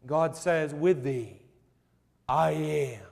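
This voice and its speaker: A man preaching a sermon, slow and emphatic, with repeated rhetorical questions. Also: on the high side, animated, big-room sound.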